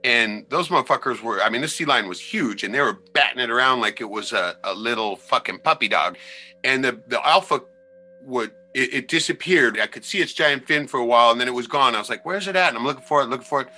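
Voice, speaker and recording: A man with a very bright, forceful voice spins rough, swearing sea yarns in casual podcast chat. His delivery is loud and animated, and faint music sits behind him. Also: medium pitch, fast. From Alaska. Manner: profane, animated storyteller. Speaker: podcast guest. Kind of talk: casual storytelling.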